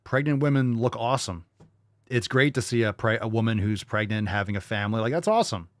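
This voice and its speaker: A man's voice: fairly low pitch, quick pace, dry recording. A man hosting a livestream podcast, reacting to clips with blunt, profane, mocking commentary.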